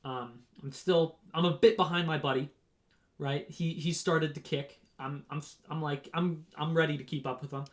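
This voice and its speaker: Young man telling a rambling story, slightly high voice. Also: moderate pace. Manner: rambling, animated, frequent "right?" and "um". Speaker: runner on a race team. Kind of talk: casual storytelling vlog.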